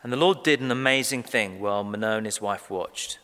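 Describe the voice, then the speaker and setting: Guy preaching, emphatic, leans on key words, bright voice. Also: fairly low pitch. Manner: measured, emphatic, slows down on key phrases. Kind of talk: sermon. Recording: long reverb of a large hall.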